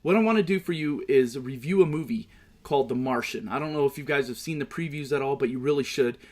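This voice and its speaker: A man's voice: mid-range voice, fast, darkish tone. A man hosting his own show, giving casual sports picks and movie talk, swearing and ranting hotly about his team. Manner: profane, heated ranting. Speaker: show host.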